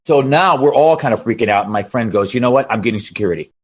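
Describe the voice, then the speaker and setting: A man who works as a DJ, telling an animated story and asking for advice on a video call, with halting restarts. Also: medium pitch, breathy edge. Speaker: DJ asking a question.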